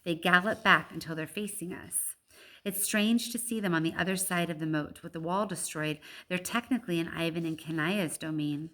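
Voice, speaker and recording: A woman reading a children's novel aloud in a lively way, stopping now and then for chatty asides. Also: on the low side, moderate pace. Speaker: audiobook reader.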